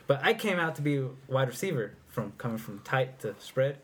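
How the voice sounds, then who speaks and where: A man's voice: medium pitch, big pitch swings, moderate pace, fairly bright tone. Rambling, swearing young-sounding man telling a story. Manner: rambling, swearing, acts out the moment. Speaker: podcast co-host. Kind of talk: casual storytelling.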